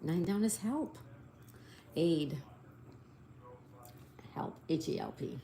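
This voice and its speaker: A woman hosts a relaxed live stream, working through answers and reading out viewer messages. She talks slowly and spells each word letter by letter. Her voice is mellow and sits a little low. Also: slight background noise. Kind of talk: casual live-stream chat.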